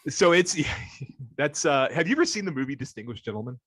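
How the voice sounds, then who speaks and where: A man's voice: mid-range voice, sing-song, brisk, a bit bright, no room sound. Man hosting with hesitant asides. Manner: hesitant, lots of fillers and asides. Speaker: podcast host. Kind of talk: casual political chat.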